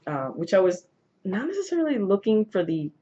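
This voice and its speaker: Casually telling a personal story to camera despite a sore throat, a woman vlogger speaks a bit fast in a warm, sing-song mid-range voice. She rambles with plenty of fillers and restarts, and the lo-fi recording sounds dull.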